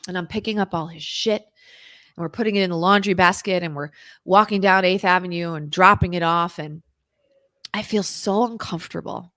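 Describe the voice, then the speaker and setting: A woman, a guest on an interview show, telling an intense personal story in a vivid, dramatic way, at times dropping to a hushed whisper. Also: on the low side, moderate pace, no echo, clean studio sound. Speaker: interview guest, recovery author.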